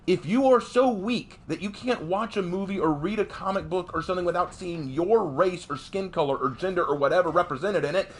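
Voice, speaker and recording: A young adult man ranting on a live stream in a casual, emphatic way, jumping up in pitch during heated outbursts. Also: a little fast, few pauses, a little hiss or hum. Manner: animated, emphatic, voice jumps high in outbursts. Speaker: streamer and commentator.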